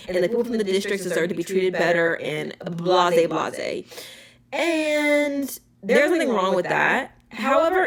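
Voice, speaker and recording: A young woman hosting a podcast, talking casually in an emphatic, animated rant. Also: mid-range voice. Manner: animated, emphatic ranting with frequent "okay?" asides. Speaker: podcast host. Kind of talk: casual chat.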